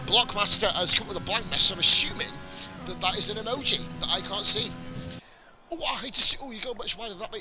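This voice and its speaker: A man giving casual live commentary on a sim racing league stream, swearing and chatting with viewers between calls of the action. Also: high voice. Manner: casual, sweary, rambling banter with chat. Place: home streaming setup.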